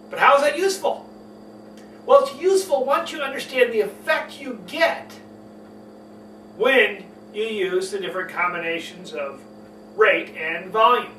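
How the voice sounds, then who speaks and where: A man teaching public speaking, talking emphatically and deliberately swinging between loud and soft, fast and slow. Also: high-pitched, expressive. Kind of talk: spoken lesson on public speaking. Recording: echoey room, mic at a distance, faint hum.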